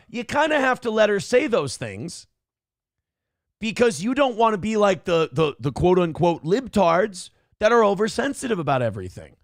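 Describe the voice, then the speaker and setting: A man's voice: high-pitched, sing-song, moderate pace, no echo, studio quality. A male show host giving blunt, profane, mocking commentary on a livestream.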